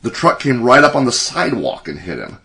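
A man voicing a male doctor who speaks in a calm, measured, assured way. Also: medium pitch, pitched above the performer's own voice, heavily acted.

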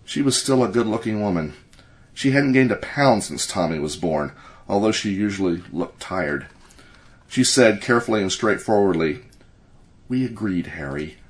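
A man reading a short story aloud as narrator, in a steady storytelling manner. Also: lowish voice, normal speed. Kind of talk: audiobook narration.

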